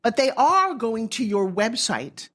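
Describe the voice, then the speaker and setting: A woman guesting on a podcast as a pitch coach, giving advice in an emphatic, salesy way with punchy phrasing. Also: big pitch swings, unhurried, a bit bright. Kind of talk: energetic podcast interview advice.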